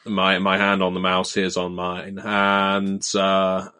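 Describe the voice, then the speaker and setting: A man's voice: low voice, completely flat delivery, slow pace, pushed and bright, clean tone. A British man in his thirties telling wry, self-deprecating anecdotes in a casual chat, with frequent hesitations. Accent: British English. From Britain.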